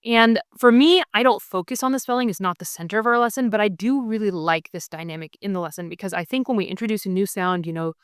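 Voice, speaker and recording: A homeschooling mother in her thirties, speaking fast and smoothly with hardly any pauses at medium pitch, runs through her curriculum picks in a casual video. She's upbeat and friendly, explaining each step with many ums, in clean, echo-free studio audio.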